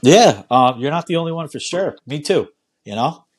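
A man hosting a casual podcast, easygoing and quick to laugh, often restarting his sentences. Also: a little high, animated, husky. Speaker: podcast host.

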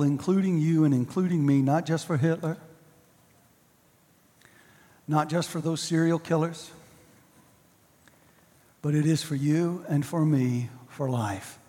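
A male pastor delivering a sermon, with emphatic repetition and slow, drawn-out stresses. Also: fairly high pitch, warm tone, in a large hall.

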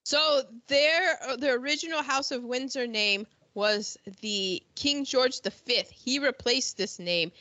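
A woman chatting casually as a podcast co-host, animated and excitable, often acting out what people said. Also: sits high, unhurried, hardly any pauses, no room sound. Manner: animated, excitable, acts out quoted voices. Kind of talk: casual chat. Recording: dull lo-fi sound.

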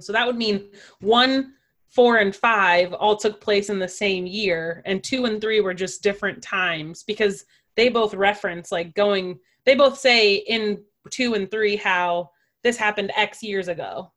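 A woman's voice: mid-range voice, measured pace, fairly bright tone. Chatty woman co-hosting a podcast. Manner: chatty, swears casually, thinks aloud about details. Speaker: podcast co-host. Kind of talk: casual chat recapping movies.

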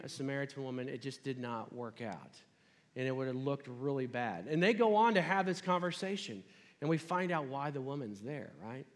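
Casual, higher-voiced male preacher. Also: in a large hall. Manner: conversational, retelling scripture casually. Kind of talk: sermon.

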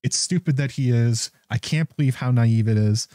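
A show recap host gives casual, rambling commentary on a TV episode, often chuckling in disbelief and restarting his sentences. His voice is medium-pitched and warm at a normal speed. The studio recording is clean, with no echo.

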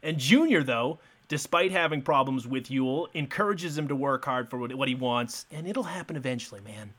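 A man's voice: medium pitch, animated, normal speed, a bit bright. A man co-hosting a podcast, casually recapping a movie plot, laid-back, swearing freely and laughing often. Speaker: podcast co-host.

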